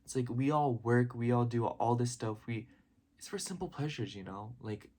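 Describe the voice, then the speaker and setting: A man's voice: medium pitch, normal speed, a little mellow. A young man talking in a casual, heartfelt vlog, rambling with constant "like" and "you know" and openly emotional and gushing. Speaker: vlogger.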